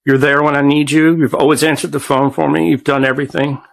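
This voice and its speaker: Guy in his 40s, gravelly fry in the voice, halting and repeating himself into his own camera. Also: a little high, level tone. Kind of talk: recorded personal video message. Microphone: self-recorded camera.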